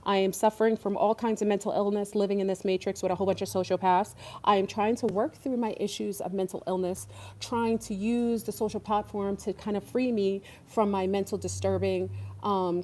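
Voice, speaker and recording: A woman's voice: medium pitch, steady tone, moderate pace, dark tone. A woman hosting an online talk stream, rambling and emphatic, with many fillers. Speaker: online show host. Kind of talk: casual livestream talk.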